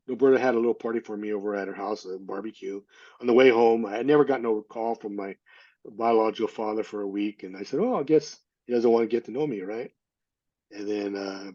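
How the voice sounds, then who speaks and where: This is an interview guest, a middle-aged man whose voice is on the low side with a darkish tone. Candid and earnest, he relates a personal story, repeatedly pausing to begin again and repeat himself. The lo-fi sound is slightly dull.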